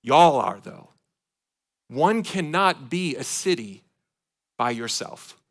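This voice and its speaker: A man from Michigan preaching a sermon to his congregation, swinging between loud emphatic points and quiet asides. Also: mid-range voice, sing-song, takes it slowly. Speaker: pastor. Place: church sanctuary.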